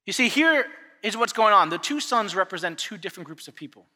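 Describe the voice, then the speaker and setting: A man in his thirties preaching a sermon as a pastor, telling a family story in an animated way and acting out the voices. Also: high voice, fairly quick. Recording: long echo of a large hall.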